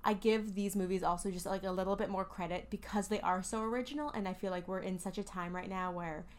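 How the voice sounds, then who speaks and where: A woman's voice: medium pitch, steady tone, quick pace, a little hiss or hum. A woman co-hosting a podcast in casual chat, talking enthusiastically and candidly with some swearing. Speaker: podcast co-host.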